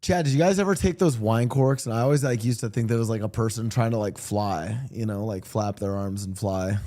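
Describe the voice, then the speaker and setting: A man's voice: on the low side, brisk, dark tone. A young man streaming, chatting casually in a rambling, joking way with many fillers and restarts. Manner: crude, joking. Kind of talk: casual chat while streaming.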